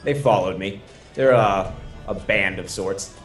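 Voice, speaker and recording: A man's voice: on the low side, measured pace, faint music behind, close to an everyday voice. A player voicing an elf witch hunter who speaks curtly and formally, cool and guarded.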